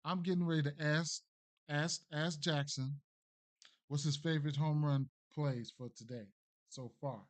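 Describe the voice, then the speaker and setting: A man's voice: a little high, fairly even intonation, a little slow. A man streaming sports betting picks, thinking aloud in a casual, mumbling way with many fillers and restarts. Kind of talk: casual live-stream commentary.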